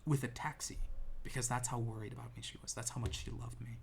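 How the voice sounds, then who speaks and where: Talking fast with vocal fry, a young vlogger sits indoors and recounts a personal story in a rambling, self-mocking way, full of ums and false starts. His medium pitch barely moves, and faint background noise is audible.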